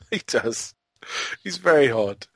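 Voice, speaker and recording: A man's voice: mid-range voice, expressive, slow pace, a bit bright, no room sound. A man co-hosting a podcast, rambling through a film review in a casual, amused way and often breaking into laughter. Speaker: podcast co-host.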